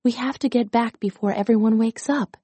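A woman's voice: a little high, steady tone, fairly quick, dark tone, husky, no room sound. A woman voicing an eager young girl in a storybook reading, speaking earnestly.

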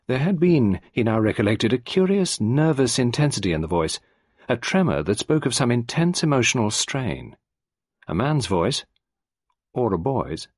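A man narrating an audiobook in a measured, expressive way. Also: mid-range voice, no echo, studio quality.

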